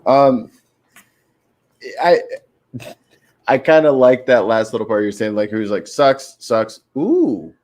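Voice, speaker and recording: A man joining a casual video chat as co-host, animated and joking, swearing casually. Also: on the low side, unhurried, long pauses.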